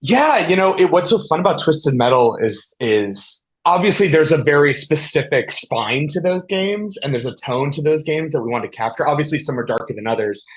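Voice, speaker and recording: A man's voice: on the high side, expressive, normal speed, hardly any pauses, poor audio. Enthusiastic man in a rambling interview. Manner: enthusiastic, rambling with many restarts. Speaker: TV showrunner. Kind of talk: casual interview answers.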